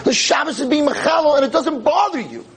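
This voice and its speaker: A man's voice: very high voice, animated, a little fast, a little hiss or hum, rough recording. A man, a rabbi and teacher, giving an impassioned lecture, emphatic and sprinkled with Hebrew and Yiddish terms. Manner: emphatic, impassioned, rising to near-shouts. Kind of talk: animated Torah lecture.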